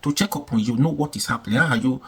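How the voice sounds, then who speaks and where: A man's voice: medium pitch, very fast, husky. A man giving casual, emphatic commentary, repeating himself and asking rhetorical questions.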